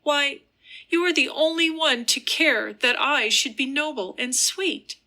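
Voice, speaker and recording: A woman voicing an earnest, wistful young noblewoman, speaking high and pleading in a gentle voice. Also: unhurried, exaggerated voice.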